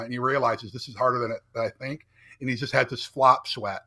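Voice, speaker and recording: A man's voice: medium pitch, bright, forceful tone. A middle-aged man, a podcast guest, telling a personal story in an earnest, emphatic way and often checking in with "right?". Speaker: podcast guest, entrepreneur and speaker.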